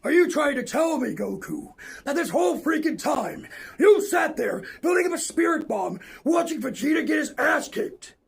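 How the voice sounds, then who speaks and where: Woman shouting as a stern alien warrior. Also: high-pitched, sing-song, moderate pace, gravelly, heavily acted. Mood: scolding. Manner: shouting, exasperated scolding. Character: stern green male alien warrior, scolding.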